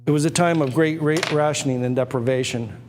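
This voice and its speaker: A man running a live auction stream, pitching hard with emphatic, repetitive, excitable patter. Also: brisk, long reverb tail, background noise.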